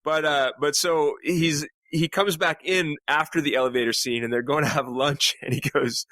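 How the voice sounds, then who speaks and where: A man as a podcast guest, recounting scenes in an animated, casual way. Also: on the high side, moderate pace, hardly any pauses, dry recording. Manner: animated storytelling. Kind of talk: casual chat.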